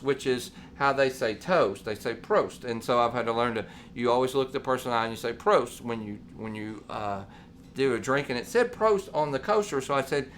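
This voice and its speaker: A man's voice: medium pitch, fairly bright tone, a little hiss or hum. A man, co-hosting a casual talk show and telling long stories full of quoted dialogue. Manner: rambling, storytelling with quoted dialogue. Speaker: podcast co-host. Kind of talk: casual chat.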